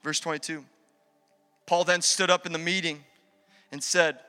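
A man preaching a sermon as pastor, energetic and conversational, slipping into acted asides. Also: a little high, normal speed, pauses often, clean tone, faint music behind. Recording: long hall reverb.

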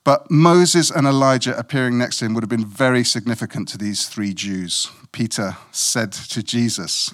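A man's voice: mid-range voice, moderate pace, few pauses. Playful man preaching a sermon. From Africa. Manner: conversational, self-mocking, playful asides with acted quotes.

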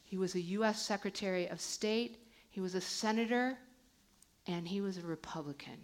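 A woman's voice: medium pitch, moderate pace. A woman with an American accent arguing as a panelist at a public debate, earnest, often repeating words as she starts a point. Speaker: panelist, international law scholar.

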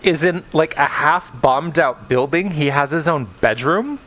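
A man co-hosting a podcast in a casual book discussion, animated and swearing freely, prone to tangents. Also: a little high, measured pace. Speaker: podcast co-host.

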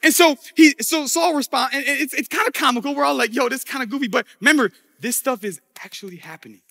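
A man's voice: extremely high pitch, brisk, gravelly, bright, forceful tone, in a large hall. A man preaching a casual, story-driven sermon with slang and jokey asides in a church.

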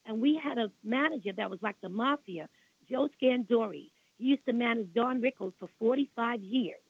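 A woman's voice: fairly high pitch, moderate pace, gravelly, husky, dry recording. An older woman with a Brooklyn accent, telling long rambling stories as an interview guest. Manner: rambling, repeats herself, indignant about the past. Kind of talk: storytelling in a radio interview. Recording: tinny phone line.

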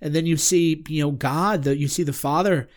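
On a casual podcast, a man with a somewhat higher voice and fairly even intonation shares a personal story. He sounds earnest and searching, often halting and restarting mid-sentence as he hunts for the right words.

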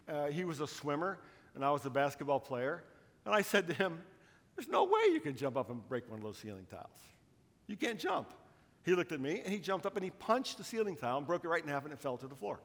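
Pastor, male, middle-aged, slightly high voice, storytelling sermon, big reverberant sanctuary. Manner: storytelling, dynamic swings between hushed and emphatic. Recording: long reverb of a large hall.

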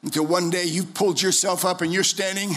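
In a church, a middle-aged man preaches with passion as pastor, moving from quiet, low stretches to shouted pleas. His tone stays steady and his pace is fairly quick.

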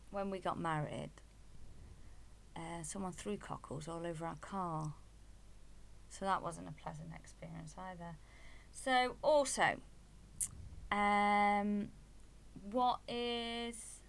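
Chatty woman with a low gravelly voice. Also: takes it slowly, long pauses. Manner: chatty and teasing. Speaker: podcast co-host. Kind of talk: casual chat. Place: home in Wales.

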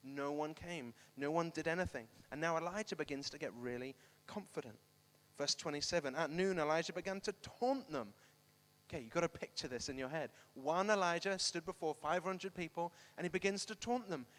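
A man preaching a sermon to a congregation, animated and emphatic, repeating phrases for effect. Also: fairly high pitch, brisk, long reverb tail. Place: church hall with congregation, also streamed online.

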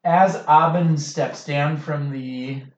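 Slow-talking male game master. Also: fairly high pitch, steady tone, slight background noise. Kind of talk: narrating a tabletop game. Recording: echoey muffled room mic.

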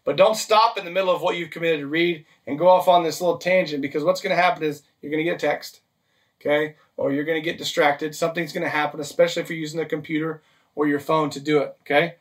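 A man delivers a sermon as a pastor, walking his listeners through numbered steps and checking in often with "okay?" and "right?". His voice sits a bit high for a man, and he sounds set back from the microphone. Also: steady tone, quick pace, far from the mic. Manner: practical, list-driven teaching with frequent "okay?" and "right?" check-ins.

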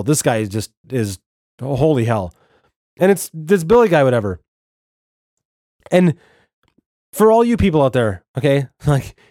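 Male podcast host, middle pitch, salty and exasperated solo rant, dry close-mic read. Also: dry recording. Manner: profane, animated, exasperated rant with restarts.

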